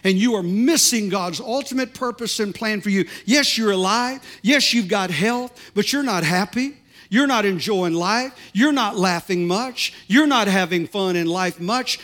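A man's voice: high voice, a bit bright. A man preaching a sermon as pastor, building to fervent repeated declarations. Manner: preaching with rising fervor, repetitive declarations.

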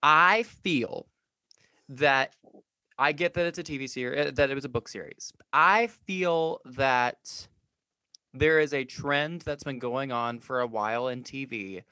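A man's voice: mid-range voice, measured pace, sharp tone, clear, resonant tone, no echo. A man co-hosting a podcast in casual chat, ranting with dramatic flair about a show. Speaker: podcast co-host.

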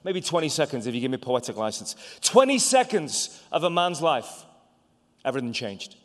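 A man preaching a sermon as an evangelist, animated and stammering through restarts, swinging between loud bursts and hushed asides. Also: mid-range voice, moderate pace. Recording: long hall reverb.

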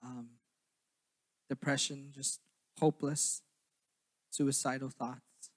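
A young man from southern Minnesota preaching a sermon, then telling his own story in a quieter, halting way. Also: mid-range voice, level tone. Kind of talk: sermon with personal testimony.

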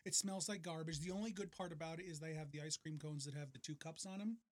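A man's voice: fairly high pitch, fast talker. Teasing man in his late thirties. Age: 30s. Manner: dry teasing humor. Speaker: podcast co-host. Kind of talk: casual podcast chat.

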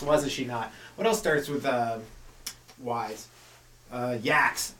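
A man's voice: medium pitch, slow, pauses often, distant mic, slight background noise. A man doing a loose, rambling stand-up monologue as a comedy podcast host, full of fillers and asides. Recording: echoey room, voice off the mic.

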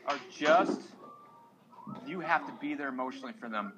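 A man's voice: mid-range voice, quick pace, over loud music, poor audio. A man in his thirties, a single father on a podcast, talking earnestly and emotionally to other men. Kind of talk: casual podcast talk.

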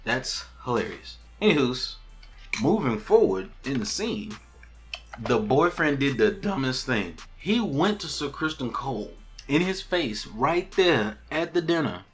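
Animated man recapping a TV episode. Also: medium pitch, unhurried, faint music behind. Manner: animated storytelling, acting out characters' lines. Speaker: podcast host.

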